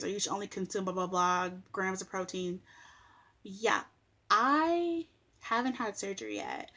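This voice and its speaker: A young woman talks straight to her camera in a casual vlog rant. She is blunt, sassy and exasperated, with a voice of middle pitch, and she swears freely and makes quick comebacks. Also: fairly bright tone. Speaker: vlogger.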